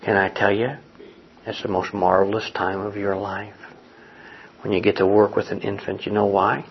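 An older man preaching a sermon, animated, moving between hushed and loud passages. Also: fairly low pitch, moderate pace, dull audio, a little hiss or hum. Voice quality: gravelly, husky. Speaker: pastor.

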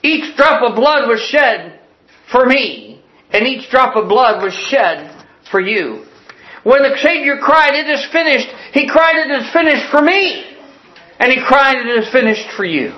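A man preaching a sermon with passion, dropping to a hush and then soaring and crying out. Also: very high-pitched, very animated, a little slow, highs cut off. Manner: impassioned, swinging from hushed to soaring.

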